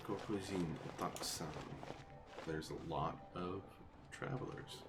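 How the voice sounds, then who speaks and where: A man's voice: low voice, a little slow, very noisy. A man hosting a gaming channel, giving casual, jokey let's-play commentary in a chatty, nosy way. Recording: game music behind. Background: video game music.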